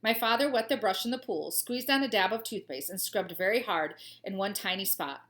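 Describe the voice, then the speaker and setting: A woman reads a children's storybook aloud in a teacher's expressive manner. Her voice sits in a middle pitch. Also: fairly quick. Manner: expressive reader, gushing asides.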